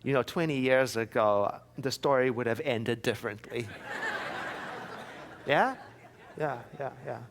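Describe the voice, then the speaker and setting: A man's voice: medium pitch, normal speed. A man giving a sermon as minister, telling personal stories with wry, self-mocking humor. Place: church.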